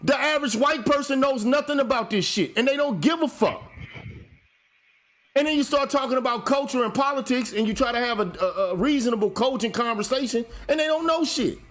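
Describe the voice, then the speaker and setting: A man's voice: extremely high pitch, a little fast, fairly bright tone. A man hosting a show, delivering a heated, profane monologue and lecturing emphatically. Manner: lecturing, emphatic, swears often. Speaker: show host.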